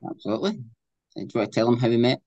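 A man's voice: medium pitch, racing, a little mellow, dull audio. A man hosting a podcast, with friendly, easygoing banter. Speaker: podcast host. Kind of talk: casual podcast chat.

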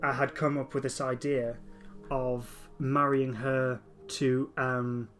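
A man's voice: medium pitch, flat delivery, fairly bright tone, soft background music. A man hosting a podcast, talking enthusiastically in a casual discussion, often stopping and restarting his sentences. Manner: enthusiastic, halting with many restarts. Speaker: podcast host.

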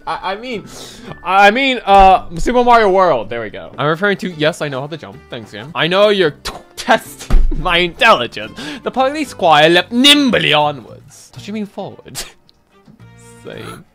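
A young man giving giggly, excitable, self-mocking commentary while playing a game. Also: high voice, a little slow. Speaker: gameplay commentator. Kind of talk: let's play commentary. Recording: game music behind.

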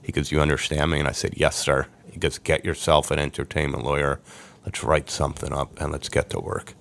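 A man, a podcast guest, telling his life story in a lively way and acting out the voices of people he quotes. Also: extremely low pitch, a little fast, gravelly. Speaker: podcast guest, sports agent. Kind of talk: storytelling interview.

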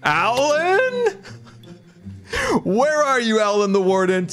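A man giving solo gameplay commentary, excitable and full of gasps and exclamations. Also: very high voice, takes it slowly, faint music behind. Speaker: gaming video creator.

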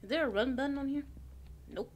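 Fast-talking and high-voiced, a woman running a gaming channel plays through a horror game. Her let's play commentary is nervous, mostly her talking to herself as she goes.

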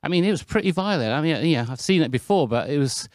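Fast and fairly high-pitched, this British preacher spins stories in a lively, chatty sermon, often poking fun at himself, all captured in a clean, roomless studio recording.

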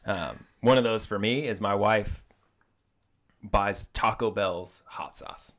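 A man's voice: on the low side, takes it slowly, fairly bright tone, slight background noise. A man co-hosting a podcast, chatting casually and jokingly about hot sauce and his family, sometimes talking with his mouth full. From Mexican family. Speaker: podcast co-host. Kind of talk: casual chat.

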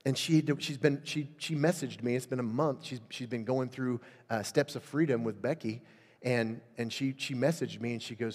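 A middle-aged man preaching at a revival, telling stories and building to loud, fervent exhortation. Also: mid-range voice, normal speed. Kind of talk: sermon. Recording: long hall reverb.

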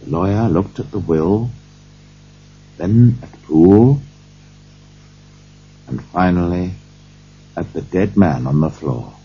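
A man reading a story aloud for English learners in a slow, deliberate way. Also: low-pitched, animated, breathy edge. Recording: dull lo-fi recording.

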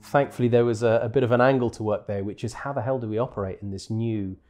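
A man being interviewed at a conference, telling his story in an animated, self-deprecating way. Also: medium pitch, fast talker. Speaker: interview guest, crypto exchange executive. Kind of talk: conversational interview. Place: conference venue.

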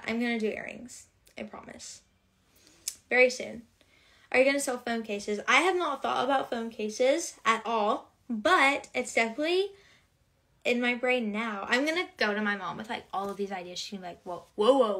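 A woman's voice: a little high, moderate pace, bright, forceful tone. A young woman hosting a casual livestream, chatting to viewers and reading out comments in a bubbly, rambling way full of filler words.

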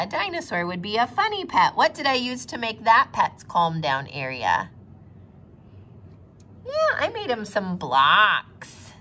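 A preschool teacher leads circle time for small children, her voice bright and clear as it swoops up and down. She talks slowly and asks the little ones one question after another. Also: mid-range voice. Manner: slow, sing-song and expressive, asking children questions. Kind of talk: virtual circle time lesson for young children. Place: office.

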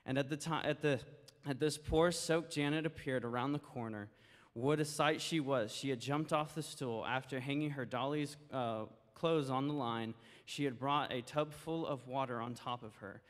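A man telling a children's story during a church service, in a gentle, folksy way with small stumbles. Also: medium pitch, moderate pace. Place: church sanctuary. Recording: long church hall reverb.

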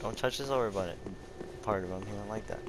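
A young man giving casual, jokey gameplay commentary at home, breaking into loud frustrated outbursts. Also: lowish voice, quick pace. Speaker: gaming channel host. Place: home room with dogs around. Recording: loud background noise.

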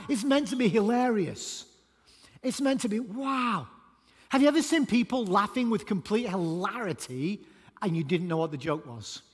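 A male pastor delivers an animated, emphatic sermon in a church auditorium. His voice sits very high for a man, and a long hall reverb trails every phrase. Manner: animated, emphatic preaching with sudden loud bursts.

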